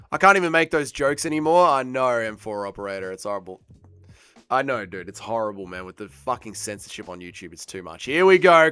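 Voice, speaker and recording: Aussie guy streaming a fight watch-along, super lively up-and-down voice, bright and clean, faint music behind. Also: medium pitch, no echo. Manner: excitable, banters with chat, swears freely. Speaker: livestream host.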